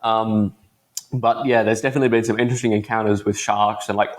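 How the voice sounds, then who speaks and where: A man's voice: fairly low pitch, level tone, a little fast. A teenage man with an Australian accent, a laid-back and chatty guest telling stories in a casual podcast interview. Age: teens. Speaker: guest entrepreneur.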